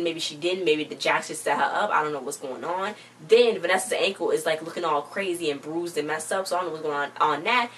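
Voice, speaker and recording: A woman's voice: lowish voice, a bit bright. A young woman vlogger casually recapping a TV episode, rambling and quoting the characters one after another. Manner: rambling, quotes characters in quick succession. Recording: distant mic with faint background noise.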